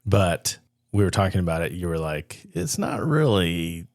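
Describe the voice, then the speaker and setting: A man co-hosting a podcast in casual chat, hesitant and halting, with soft laughs. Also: sits low, big pitch swings, no echo, clean studio sound. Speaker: podcast co-host.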